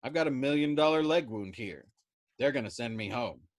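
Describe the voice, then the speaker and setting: A man's voice: medium pitch, lively intonation, moderate pace, no echo, clean studio sound, close to an everyday voice. A man voicing a wounded young male airman who protests bluntly. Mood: defiant.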